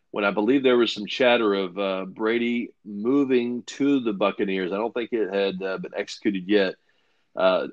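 Man hosting, low voice, dry dull lo-fi sound, casual profane chatter. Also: no room sound. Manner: loose, profane, filler-heavy. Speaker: podcast host. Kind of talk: casual sports betting chat.

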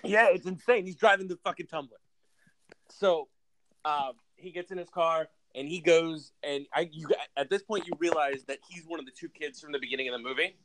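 Over a remote podcast call, a male co-host with a slightly high voice runs through a film's plot a little fast. He swears freely and tells it with animation, though the audio is poor, with no room sound.

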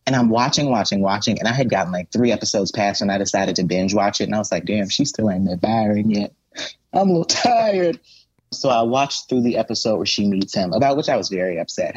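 A man co-hosting a podcast, recapping a TV show in a casual, animated way and acting out the characters' lines. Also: lowish voice, husky, no echo, dull audio. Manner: animated storyteller who acts out characters' voices. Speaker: podcast co-host.

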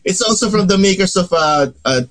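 A man with a Filipino accent co-hosting a casual podcast chat, relaxed and mixing English with Tagalog. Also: sits high, a little fast, crowd noise. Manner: relaxed, switching between English and Tagalog, with frequent laughs. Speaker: podcast co-host.

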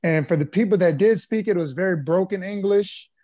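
A man being interviewed on a podcast as a former pro basketball player, telling stories in a relaxed way with plenty of fillers. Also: sits high, a little fast. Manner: relaxed storyteller, easygoing with frequent fillers.

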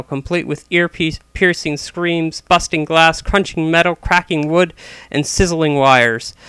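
A man narrates a story aloud, stumbling now and then and correcting himself. His voice is bright, smooth and a touch high, recorded close and dry. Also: no echo. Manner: frequent small restarts.

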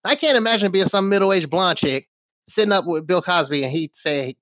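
A man's voice: high voice, lively intonation, fairly quick, a bit bright, no room sound. A middle-aged man ranting on his small commentary channel, heated, scornful and full of swearing. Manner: heated, profane, scornful rant. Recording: dull, dry lo-fi recording.

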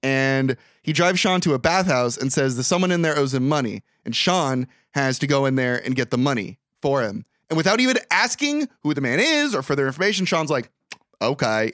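A young man recapping a movie in casual podcast chat, animated, profane and mock-exasperated. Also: fairly high pitch, no room sound, clean studio sound. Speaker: podcast co-host.

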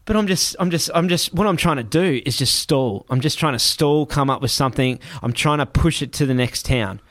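A man with an Australian accent telling a story in a casual chat, rapid and swearing freely as he acts out what people said. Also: a little high, fairly bright tone, no echo, clean studio sound.

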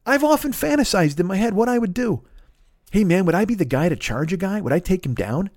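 Man, comedy podcast host, sarcastic profane rant, lively pitch, slightly high voice, dry sound. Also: a little fast, dry recording. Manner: animated, sarcastic, heavy swearing; acts out quoted people in put-on voices.

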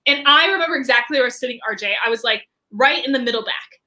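A woman entrepreneur telling a story animatedly in an interview, chatty and expressive, saying "like" often. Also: a little high, quick pace. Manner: chatty, frequent filler "like", expressive. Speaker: entrepreneur and podcast guest.

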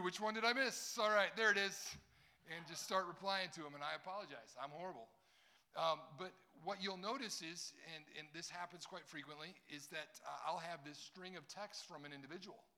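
A man's voice: medium pitch, pushed and bright. A young adult man preaching a sermon, teaching from scripture and joking directly with a young crowd. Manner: jokey, talks straight to a young crowd. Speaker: pastor.

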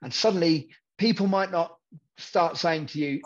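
Male guest, higher voice, candid rambler who acts out quotes; dull lo-fi audio. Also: a little fast. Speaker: podcast guest in recovery. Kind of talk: candid conversational storytelling.

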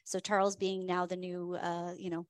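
A woman's voice: on the low side, level tone, moderate pace, smooth, dry recording. A woman hosting a whiskey tasting, telling the story in a chatty, enthusiastic way with many fillers. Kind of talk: casual storytelling presentation.

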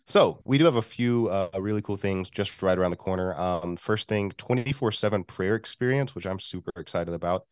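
A man's voice: sits low, fairly quick, few pauses, no echo, clean studio sound. A man co-hosting a church podcast, sick, talking in an easygoing, agreeable way. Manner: easygoing, agreeable, brief replies. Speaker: church communications director, podcast co-host. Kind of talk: casual chat.

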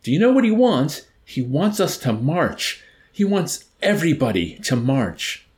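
A man's voice: fairly high pitch, very animated, unhurried, a little mellow, pitched above the performer's own voice. A man reading aloud and voicing a harried, alarmed male army colonel.

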